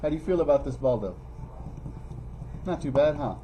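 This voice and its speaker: A man teaching a math review lesson in a classroom, playfully teasing students and calling them by name. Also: normal speed. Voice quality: animated, pitch jumping high when teasing students. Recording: faint classroom noise.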